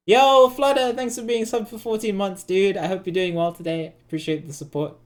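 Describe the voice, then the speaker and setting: A woman's voice: medium pitch, steady tone, a little fast, hardly any pauses, a little hiss or hum. A woman livestreaming a video game, chatting casually, joking, laughing and thanking viewers. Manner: jokey, laughs often, thanks chat. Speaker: streamer. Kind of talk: casual game live stream commentary.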